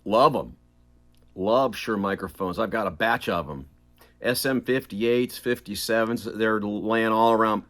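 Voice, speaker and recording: A middle-aged man, a voice actor, chatting as an interview guest, animated and quick to laugh, drifting in and out of accents. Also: on the low side. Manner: animated, laughs often, slips into accents mid-sentence. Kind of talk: casual interview chat.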